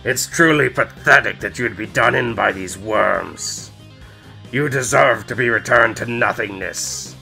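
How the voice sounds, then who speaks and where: A man voicing a menacing male evil lord who talks slowly and mockingly. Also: mid-range voice, creaky, sharp tone, faint music behind, full character voice. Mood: contemptuous. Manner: sneering, slow and mocking.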